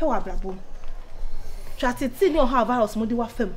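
A woman in casual chat, talking insistently and pushing hard, her voice climbing loud when she presses a point. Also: fairly high pitch, lively intonation, normal speed, pauses often. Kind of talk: casual chat mixing pidgin and Twi.

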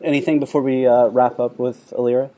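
A man's voice: mid-range voice, flat delivery, a little fast, dark tone. A man hosting an interview, asking easygoing, hesitant questions with lots of fillers. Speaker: host.

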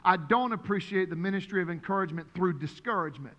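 A man preaching as pastor, emphatic and repetitive, his voice rising to shouts. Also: high-pitched, quick pace, big-room sound, lo-fi sound. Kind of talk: sermon.

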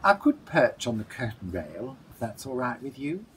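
A man's voice: medium pitch, sing-song, moderate pace, a bit bright, slight background noise, rough recording. A man voicing a polite, weary male cuckoo bird in a storybook reading, with a courteous, genteel and sleepy manner.

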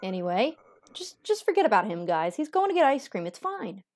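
A woman's voice: fairly low pitch, sing-song, normal speed, no room sound, clean studio sound. A woman playing a video game and chatting casually, joking and reading game text aloud. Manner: joking, reads game text aloud, sudden playful voices. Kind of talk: casual let's-play commentary.

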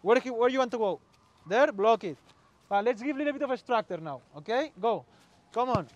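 High-voiced man coaching on a pitch. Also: animated, fairly quick, no room sound, muffled recording. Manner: short commands, calls out to players, mixes in Spanish. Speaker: football coach. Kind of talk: on-field coaching demonstration.

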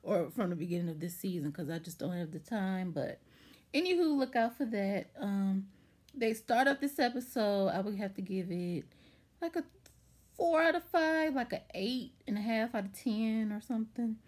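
A woman's voice: mid-range voice, moderate pace. A woman casually recapping a TV episode in a chatty, rambling way, full of fillers and acted-out quotes. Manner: chatty, rambling, lots of "like" and "anywho"; animated retelling with acted-out quotes. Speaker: TV show reviewer.

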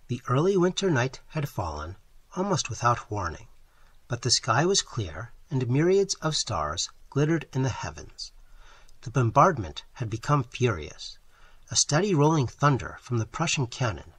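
A man narrating an audiobook in a measured, expressive way. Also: mid-range voice, breathy edge, no room sound. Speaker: audiobook reader. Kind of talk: scripted narration.

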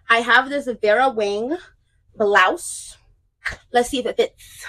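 A woman's voice: fairly high pitch, steady tone, unhurried, pauses often, sharp tone, a little hiss or hum, rough recording. A young woman chatting casually and playfully in a clothing try-on vlog, with joking asides. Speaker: vlogger.

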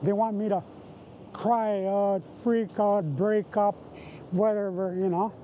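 A man's voice: high voice, level tone, takes it slowly, highs cut off, slight background noise. A Canadian man giving personal testimony in a documentary interview, retelling the past in vivid present tense with repeated phrases. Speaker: residential school survivor.

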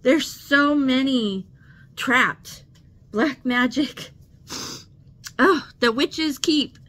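A woman's voice: high-pitched, very slow, fairly bright tone. A woman hosting a casual unboxing vlog, gushing and emotional, teary and laughing often as she talks. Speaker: channel host.

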